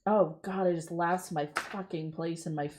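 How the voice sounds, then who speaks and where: A woman's voice: lowish voice, fairly even intonation, normal speed, darkish tone, a little hiss or hum. An American woman co-hosting a casual live stream, reading film reviews aloud between bursts of laughter. Her talk is loose and chatty, full of asides and filler. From United States. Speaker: co-host.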